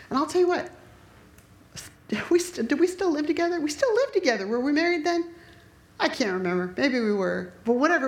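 A middle-aged woman preacher giving an emphatic sermon and telling her own story, acting out what people said. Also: a little high. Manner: emphatic, storytelling, acts out quoted speech. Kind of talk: sermon with personal testimony. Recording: echoey room.

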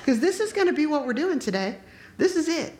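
A woman's voice: high-pitched, expressive, fairly quick, a little mellow. Middle-aged woman pastor, emphatic storyteller, recorded in a reverberant church. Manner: emphatic, storytelling, acts out quoted speech. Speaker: preacher. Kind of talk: sermon with personal testimony. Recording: echoey room.

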